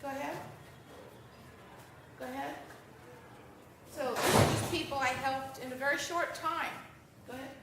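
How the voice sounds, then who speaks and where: Animated American woman speaking in an echoey hall. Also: high voice, normal speed, long pauses, noisy background. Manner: animated storytelling, acts out quotes. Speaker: vegan speaker giving a talk. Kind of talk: conference presentation with slides. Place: event hall at a festival. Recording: echoey hall, distant mic.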